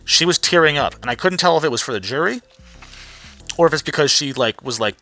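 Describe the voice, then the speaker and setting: Tired, sarcastic male vlogger, bright and somewhat high, swears a lot. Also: quick pace, no echo, soft background music. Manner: blunt, sarcastic, swears freely. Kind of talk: casual profane rant.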